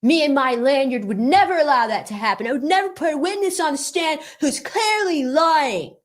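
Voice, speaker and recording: A woman's voice: animated, moderate pace. Woman mocking a whiny indignant male prosecutor. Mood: whining. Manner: high squeaky mocking impression.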